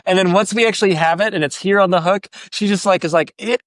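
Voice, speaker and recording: A man's voice: high-pitched, racing, few pauses, a bit bright, no echo. A man hosting a podcast, chatting casually and retelling his own anecdotes with a lot of "like" and acted quotes. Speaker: podcast host. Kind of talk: casual conversational interview.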